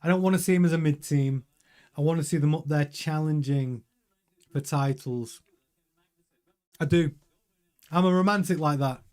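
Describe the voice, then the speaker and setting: A man hosting a live watch-along, commenting casually and excitably while answering viewers' chat. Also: fairly high pitch, normal speed, long pauses.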